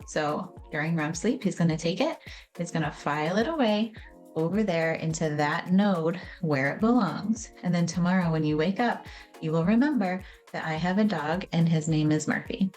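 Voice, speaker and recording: A woman's voice: on the low side, moderate pace, a little mellow, soft background music. A woman explaining how memory works in a casual, conversational way, acting out little scenes as she goes. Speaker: educator explaining memory and trauma. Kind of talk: explanatory video talk.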